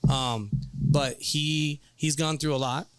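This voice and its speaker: A man in his thirties hosting a casual bar chat show, telling stories in a rambling, animated way. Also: fairly high pitch, slow, clean tone, no room sound. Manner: rambling, animated storytelling with quoted voices. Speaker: podcast host and youth baseball coach.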